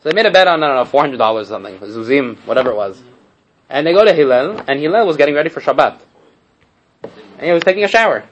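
A man's voice: fairly high pitch, animated, quick pace, lo-fi sound, slight background noise. A man giving a casual Torah class, telling stories with rhetorical asides, Hebrew terms and frequent restarts. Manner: repeats and restarts phrases while storytelling. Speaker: Torah teacher.

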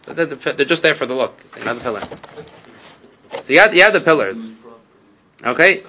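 Slightly high and expressive, this man's sharp-toned voice moves at a moderate pace in a rough recording with a little hiss or hum. A Torah teacher giving a casual class, he tells stories with rhetorical asides and Hebrew terms, often repeating and restarting phrases.

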